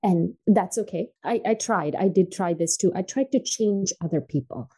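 Podcast guest, woman from Tanzania: earnest, emphatic storyteller with a mellow voice. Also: normal speed, husky, rough recording. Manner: earnest and emphatic, drops soft and low on painful points. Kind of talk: heartfelt personal storytelling.

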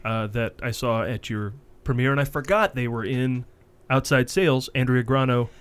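A man co-hosting a movie chat show, joking and tossing in quick asides. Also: medium pitch, a bit bright, smooth. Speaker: co-host. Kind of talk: casual chat.

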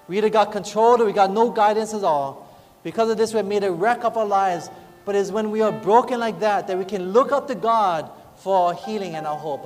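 High-voiced man preaching an earnest sermon. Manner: earnest, personal testimony with pleading rises. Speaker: pastor. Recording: long reverb, faint music behind.

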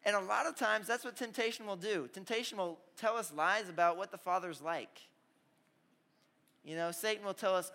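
Energetic young preacher in a reverberant hall. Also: male voice, sits high, moderate pace, vocal fry. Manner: energetic storytelling with audience call-outs. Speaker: youth pastor. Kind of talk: sermon.

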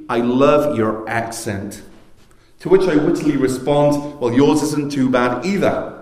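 Pastor preaching in an echoey room. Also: male voice, a little high, a little mellow. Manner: storytelling, earnest and explanatory. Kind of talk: sermon.

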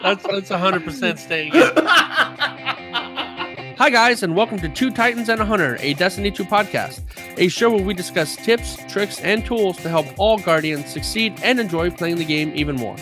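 Higher-voiced man co-hosting a gaming podcast. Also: brisk, over music. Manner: teasing, laughs often. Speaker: podcast co-host. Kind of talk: casual gaming podcast chat.

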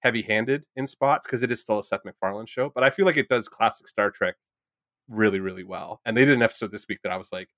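A young man chats on a podcast at a rapid clip, rambling excitedly and swearing as he goes. His voice sits dry and close with no room around it. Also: lowish voice, no echo. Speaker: podcast co-host. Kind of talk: casual podcast chat.

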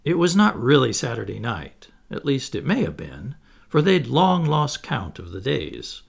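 A man narrating a classic children's novel as an audiobook, in an expressive storytelling manner. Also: mid-range voice, unhurried, gravelly, breathy edge.

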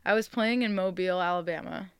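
A woman musician chatting in an interview, her voice smooth and very clear. She tells animated stories, laughs often, and sounds close to the mic in a dry space. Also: on the low side, fast, no room sound. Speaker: musician guest. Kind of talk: casual interview chat.

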